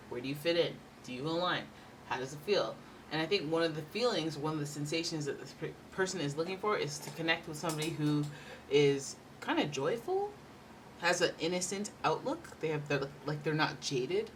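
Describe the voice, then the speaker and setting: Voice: mid-range voice, a bit bright, recorded from a distance, a little hiss or hum. A tarot reader giving a casual, rambling reading with playful asides.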